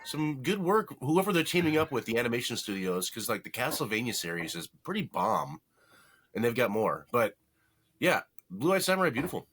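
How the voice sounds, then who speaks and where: A man chats casually as a podcast co-host, rambling through his thoughts and catching his own slips with a joke. His voice is bright and forward, at a middle pitch. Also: sing-song, brisk, slightly rough. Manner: rambling, self-correcting, jokey. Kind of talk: casual movie review chat.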